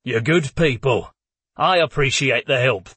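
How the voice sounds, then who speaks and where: A stubborn old warrior, put on by a male storyteller, grumbles and curses in a husky, mid-pitched voice. He is coarse and gruff but humble underneath. The read is dry and close, straight from an audiobook. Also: a little slow, a bit bright, no room sound.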